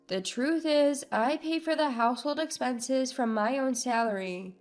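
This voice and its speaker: A woman narrating a first-person family story in a measured, subdued way. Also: high voice. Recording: narration with soft background music.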